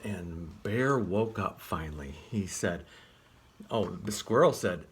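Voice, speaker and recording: A man reading a picture book aloud as a children's librarian, gently asking the listener questions. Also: low-pitched, expressive, takes it slowly, breathy edge.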